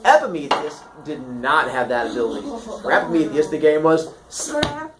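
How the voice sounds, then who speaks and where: A man's voice: fairly high pitch, fairly quick, crowd noise. A man teaching a class, telling old myths as comic stories and slipping into silly voices for the characters. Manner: animated, jokey, puts on voices for characters. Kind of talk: comic storytelling lesson. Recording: echoey room.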